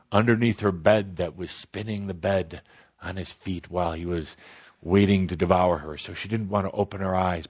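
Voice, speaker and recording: A man telling a story aloud in a slow, gentle way with pauses. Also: sits low, slightly rough. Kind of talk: spoken storytelling. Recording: dull lo-fi recording.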